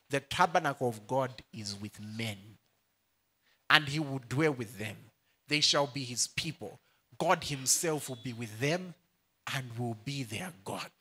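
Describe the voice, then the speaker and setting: A man's voice: fairly high pitch, bright, forceful tone. A young male pastor preaching a sermon, playful, laughing often and calling out to the congregation. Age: young adult.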